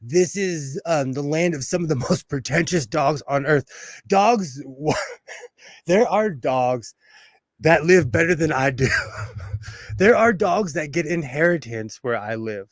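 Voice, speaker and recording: A man from Los Angeles hosts a sewing livestream, telling stories in a loose, chatty way and laughing often. His voice sits a little high and comes through dry and close, with no room sound. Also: lively intonation, measured pace, no echo. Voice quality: bald. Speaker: livestream host. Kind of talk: casual chat while sewing.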